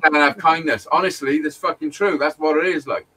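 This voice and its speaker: A man's voice: fairly high pitch, brisk, bright, forceful tone, far from the mic, a little hiss or hum, rough recording. A man telling a long personal story in casual chat, sweary and rambling, with frequent restarts and laughs.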